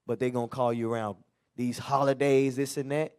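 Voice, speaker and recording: A man's voice: medium pitch, fairly even intonation, brisk, a little mellow, clear, resonant tone. A man leading a Bible class in a loose, conversational preaching manner, acting out everyday quotes. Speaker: teacher. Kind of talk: street-style Bible class teaching.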